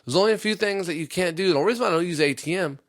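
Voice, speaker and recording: A man hosting a comedy podcast, rambling through a story and jumping into quick impressions. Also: high-pitched, no echo, studio quality.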